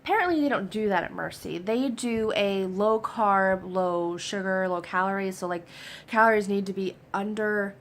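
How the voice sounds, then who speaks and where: A young adult woman chatting excitedly in a personal vlog update, a little hoarse from a cold, with lots of fillers. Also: medium pitch, normal speed, slight background noise. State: getting over a cold. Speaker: vlogger.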